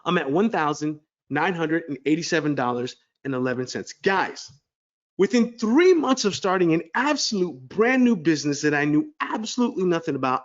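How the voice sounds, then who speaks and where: A middle-aged man presenting an online class, telling a story to viewers with excited energy. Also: on the high side, highs cut off. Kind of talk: webinar sales pitch.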